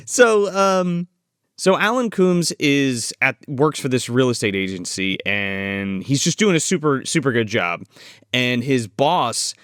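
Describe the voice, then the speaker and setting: Male podcast co-host, casual, profane, animated pitch, dry close sound. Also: unhurried, clean tone, dry recording. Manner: swears freely, laughs, recaps scenes playfully. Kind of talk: casual film review chat.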